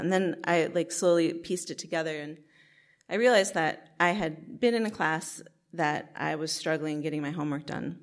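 A middle-aged woman recounts her own life story to a listening audience. Her voice sits low and carries a gravelly, fried edge. She talks candidly and casually, sprinkling in "like" and "um.". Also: normal speed. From New Jersey, USA. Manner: casual, frequent "like" and "um" fillers, candid.

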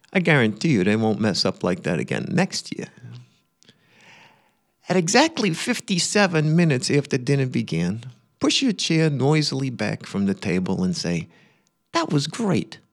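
A man voicing a blunt, controlling older uncle, reading out a letter of commands in a brash, loud voice. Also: mid-range voice.

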